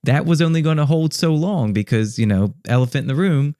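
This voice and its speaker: Male podcast co-host, dark and dry. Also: a little high, expressive, a little fast, clean tone, no room sound. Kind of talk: casual podcast discussion.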